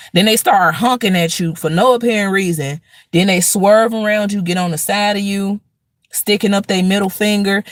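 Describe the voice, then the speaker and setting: With a medium-pitched voice and no room sound, a woman hosts a casual spiritual talk. She preaches through everyday anecdotes and acts out angry rants along the way.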